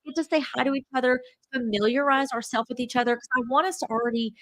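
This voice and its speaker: A woman's voice: high-pitched, fast, fairly bright tone, no echo, low-quality recording. A woman hosting a casual travel livestream, chatty and rambling with lots of fillers, a bit stuffy from a cold. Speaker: travel channel host.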